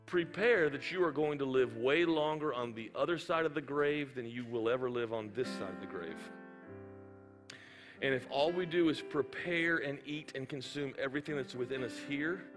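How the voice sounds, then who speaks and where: A man preaching a sermon in a church auditorium, telling funny stories with animated asides. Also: medium pitch, long reverb tail. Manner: humorous storytelling, animated asides. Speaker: pastor.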